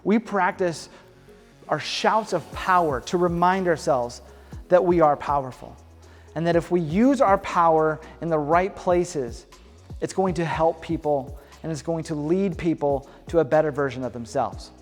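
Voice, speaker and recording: A man's voice: on the high side, moderate pace, big-room sound, faint music behind. A man teaching a beginner martial arts class, coaching viewers in an upbeat, encouraging way. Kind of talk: home workout class instruction.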